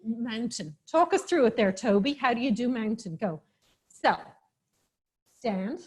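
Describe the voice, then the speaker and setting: A woman's voice: a little high, animated, measured pace, a little mellow, breathy edge. A woman teaching a live online yoga class for children, giving playful, encouraging cues and laughing often over a video call.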